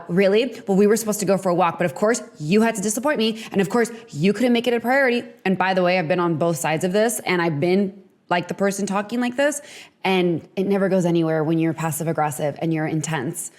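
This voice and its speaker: A woman's voice: lowish voice, a little mellow. Chatty woman hosting an advice podcast. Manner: chatty, frequent "like" and "you know". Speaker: podcast host.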